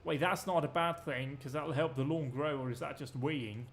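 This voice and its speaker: A man's voice: a little high, moderate pace, gravelly, slight background noise. A man giving rambling, jokey let's-play commentary while streaming a farming game, swearing freely.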